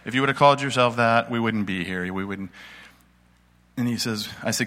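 A man's voice: mid-range voice, moderate pace, long pauses, fairly bright tone, long reverb tail. A man speaking at a church gathering, delivering an informal sermon in a folksy, conversational storytelling way. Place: church meeting space with audience.

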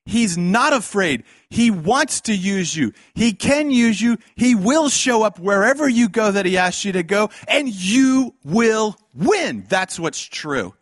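Impassioned male preacher with a high, swooping voice. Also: big pitch swings, slow, few pauses, no echo, clean studio sound. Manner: impassioned, swinging between loud outbursts and hushed lines; acts out quoted voices. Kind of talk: sermon.

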